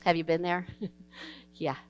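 In a church sanctuary, a woman pastor preaches an evening sermon, telling stories in an earnest, folksy style and acting out the dialogue. Her voice is lowish, fairly even in intonation, and a little slow, with soft music in the background.

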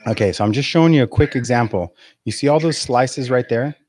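A man's voice: mid-range voice, a little fast, darkish tone. A man in his forties, a real estate coach giving a live video webinar in a blunt, profane, laughing rant. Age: 40s.

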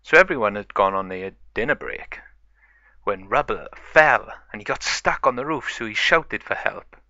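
A man's voice: fairly low pitch, lively intonation, moderate pace, vocal fry, sharp tone, no room sound, lo-fi sound. A man casually narrating a toy-play story in rambling run-on sentences.

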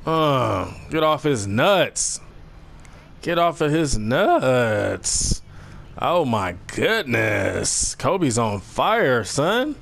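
A young man giving casual, slangy, excitable commentary over a basketball video game, trash-talking the players. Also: medium pitch, drawn-out words, gravelly, a little hiss or hum. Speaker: gaming commentator.

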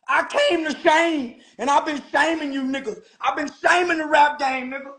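A man ranting loudly into his recording, mocking and shouting at his targets. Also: very high-pitched, steady tone, moderate pace, few pauses. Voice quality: loud, taunting, frequently shouting. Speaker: internet commentator. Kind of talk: angry mocking rant.

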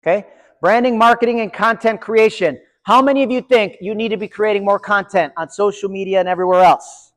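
A man giving a live conference session, chatty and energetic, talking to his audience. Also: high voice, brisk. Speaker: conference presenter. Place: large conference room. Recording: reverberant hall.

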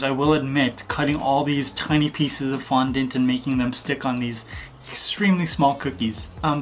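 A man vlogger telling a story in casual, comic, slangy rambling. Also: a little high. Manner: slangy, rambling, full of likes.

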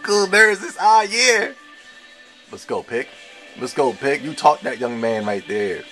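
A young man giving live gameplay commentary, trash-talking his opponents with slang and an excitable manner. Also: mid-range voice, a little slow, soft background music. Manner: excitable trash talk with slang, shouts and laughs. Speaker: gamer playing online.

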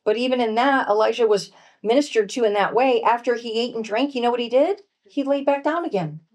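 A woman speaker teaching from scripture to a women's retreat, earnest and gentle, dropping to a soft hush on key points. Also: fairly high pitch, fairly quick. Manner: reads scripture aloud and acts out voices. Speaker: workshop speaker at a pastors' wives' retreat.

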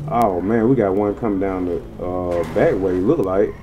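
A man giving casual, slang-heavy gameplay commentary in an excitable way, swearing freely and yelping high when things go wrong. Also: unhurried, few pauses, slightly rough. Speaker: gaming channel host.

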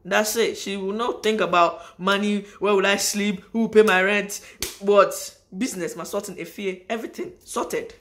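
A woman's voice: medium pitch, fairly even intonation, normal speed, few pauses, fairly bright tone. A woman, talking straight to her viewers in a casual vlog monologue. She is emphatic and says key lines twice, and her sentences ramble and restart. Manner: emphatic, repeats phrases for stress. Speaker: vlogger. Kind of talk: casual spoken monologue to camera.

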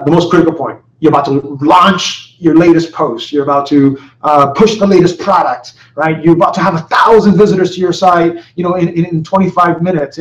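A man, a company executive, presenting a webinar in a conversational way, with many fillers, restarts and rhetorical questions. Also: fairly high pitch. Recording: roomy, distant, dull webinar audio.

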